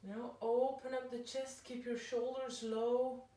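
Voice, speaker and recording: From far across a big, very reverberant room, a woman yoga instructor guides her class with slow, calm breath cues. Her voice sits slightly high, and she takes her time with each instruction for breathing and poses.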